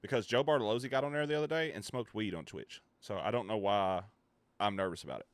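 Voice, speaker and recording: A man's voice: lowish voice, quick pace, clear, resonant tone, no echo. A man chatting casually with his viewers on a live stream, joking, rambling and swearing freely.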